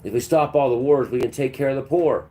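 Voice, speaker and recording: A man's voice: medium pitch, fast talker, mellow. A man hosting a livestream, delivering a preachy, combative monologue and talking back to his chat. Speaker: livestream host.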